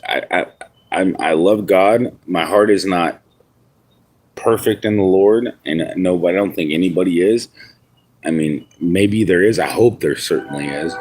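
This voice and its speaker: A man from New York talks through a casual live stream in a rambling way, trailing off and restarting sentences. He swears freely, greets his viewers as he goes, and speaks in a somewhat low voice. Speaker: livestreamer.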